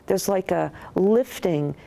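A middle-aged woman scientist speaks low and warm, her voice gravelly with fry. She recounts her research in an interview, thoughtful and animated, restarting sentences as her thoughts catch up. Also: slow pace. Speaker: neuroscientist.

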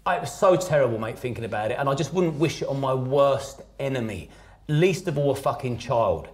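A man's voice: medium pitch, expressive, a little fast. A man telling his personal story as a podcast guest, blunt and emphatic, swearing heavily.

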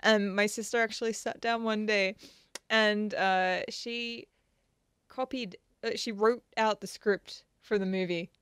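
A woman on a casual panel chat, telling stories with lively, quick asides. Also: mid-range voice, clear, resonant tone, no room sound, studio quality. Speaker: panel guest, tech writer.

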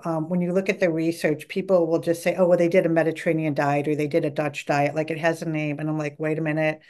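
A middle-aged woman dietitian, a podcast guest, talking eagerly and acting out her patients' words. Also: low voice. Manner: enthusiastic, talkative, quotes patients in lively voices. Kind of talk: podcast interview.

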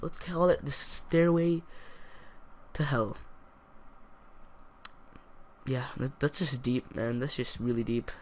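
A man's voice: mid-range voice, a little slow. Rambling teen boy narrating his gameplay. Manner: rambling, self-talking, jumpy excitable outbursts. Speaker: gaming channel host. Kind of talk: casual gameplay commentary.

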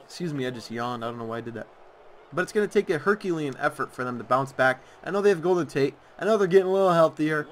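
A man's voice: fairly high pitch, expressive, fast talker, a little hiss or hum. A young man giving football picks over gameplay in a sarcastic, ranting way, drawing out words for emphasis. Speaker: YouTuber making predictions. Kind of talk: casual commentary over gameplay.

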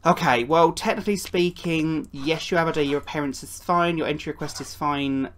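A woman's voice: low voice, a little fast, slight background noise. A woman giving playful gameplay commentary, chatting and slipping into put-on voices for the characters. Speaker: gaming YouTuber.

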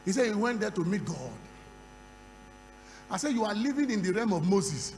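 A man preaching a sermon at a conference, moving from quiet storytelling to loud shouting. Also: high voice, big pitch swings, normal speed. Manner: acts out dialogue in a conversational storytelling voice. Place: large conference hall. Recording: reverberant hall with faint hum.

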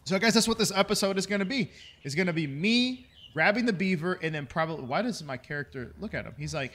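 A man's voice: high-pitched, expressive, quick pace, fairly bright tone, a little hiss or hum. A young man giving casual, rambling let's-play commentary at his microphone, swearing freely and joking at his own expense. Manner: chatty and rambling, swears casually, jokes at himself. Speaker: gaming video creator.

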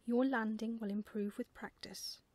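A woman voicing a calm, patient mother barn owl in a gentle whispered role-play for a storybook. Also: normal speed, no echo, close to an everyday voice. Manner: gentle, patient, low-key.

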